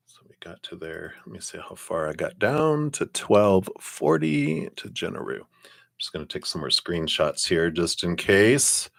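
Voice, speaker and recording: Slow, deep-voiced man reading tarot. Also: vocal fry, no echo, clean studio sound. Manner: slow, reflective, laughs often, fillers like "you know". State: sucking a cough drop, clearing throat. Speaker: tarot card reader. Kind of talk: live-stream tarot reading.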